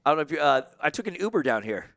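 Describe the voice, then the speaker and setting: High-voiced man ranting animatedly. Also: very animated, rapid-fire, vocal fry, fairly bright tone. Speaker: guest columnist. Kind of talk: casual sports talk.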